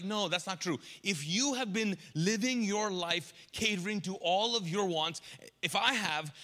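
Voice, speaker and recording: A man preaching a sermon as a pastor, telling a comic story with lively quoted asides, recorded live in a church. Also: high-pitched. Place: large church auditorium. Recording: live church hall reverb.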